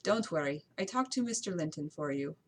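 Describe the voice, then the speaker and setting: A woman voicing a kindly young lady's maid in an amateur audiobook reading, pitching her voice up and speaking in a soothing, reassuring way. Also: expressive, a little fast.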